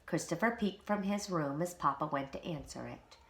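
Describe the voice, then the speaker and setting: A woman, a preschool teacher, reading a children's storybook aloud in an expressive, animated way. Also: sits low, normal speed.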